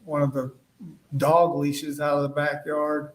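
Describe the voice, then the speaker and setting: A man giving courtroom testimony as a witness, speaking haltingly and retelling past conversations as quoted dialogue. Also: fairly high pitch, monotone. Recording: echoey room, voice far from the mic.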